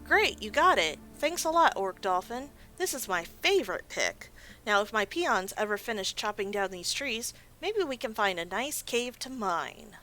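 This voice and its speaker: A woman's voice: fairly high pitch, big pitch swings, moderate pace, bright, forceful tone, pitched above the performer's own voice. A woman voicing an eager orc worker boss, reading his quest lines in a perky raised voice. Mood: cheerful. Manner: upbeat, plainly reading quest text.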